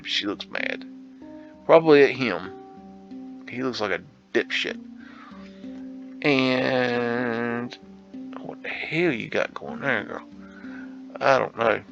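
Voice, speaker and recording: A man talks slowly through a casual photo tour, musing aloud and tossing in slangy asides. His voice has a bright, forceful edge. The recording sounds dull and lo-fi, with faint guitar music playing underneath. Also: mid-range voice. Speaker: host.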